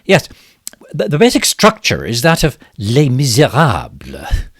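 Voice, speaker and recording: A pompous, bumbling minister full of smug self-regard in a comic monologue. His pitch swoops wildly from low murmurs to sudden high exclamations while he drawls at an unhurried pace. The sound is dry and close, with no room around it. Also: huge pitch swings, fairly bright tone, slightly rough, no room sound, heavily acted. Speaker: satirical character monologue. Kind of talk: comic monologue as a fake live stream.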